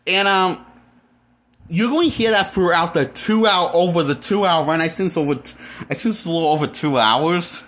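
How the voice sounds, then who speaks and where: A man's voice: a little high, moderate pace, fairly bright tone. A man reviewing a movie in a casual, rambling rant, full of restarts and blunt, exasperated complaints. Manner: rambling, with frequent restarts and fillers. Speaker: movie critic.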